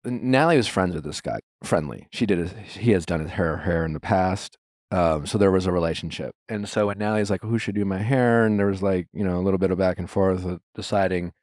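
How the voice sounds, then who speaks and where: A man hosting a podcast, adding measured explanations in casual chat. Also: sits low, darkish tone, no echo, clean studio sound. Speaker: podcast host.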